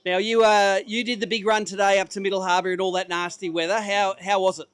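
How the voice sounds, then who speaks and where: Australian man, weigh-in emcee, high voice, chatty, matey banter, dry close sound. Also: little pitch movement, fast talker, fairly bright tone, clear, resonant tone, dry recording. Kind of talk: live tournament emcee banter. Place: outdoor waterside stage.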